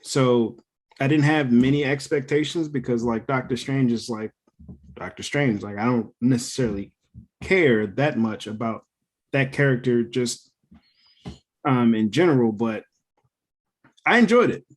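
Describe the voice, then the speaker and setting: Young male co-host, casual chat, animated, profane, laughs often. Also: medium pitch, measured pace, long pauses. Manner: animated storyteller, swears freely, laughs often. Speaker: podcast co-host.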